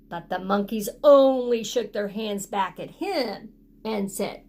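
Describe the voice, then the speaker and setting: A woman reading a picture book aloud to children, pausing often to ask them to join in with actions. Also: on the high side, expressive, darkish tone. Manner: interactive, prompting children to act along. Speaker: storytime reader for children.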